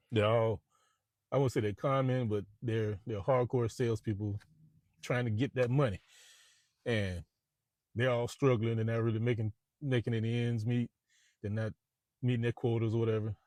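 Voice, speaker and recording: Brief: man, real estate agent, loose chatty vlog rambling, mid pitch, dry close sound in a car. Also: fairly even intonation, moderate pace, pauses often, darkish tone, dry recording. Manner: rambling, repeats words, chatty. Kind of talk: casual vlog monologue. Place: inside a parked car.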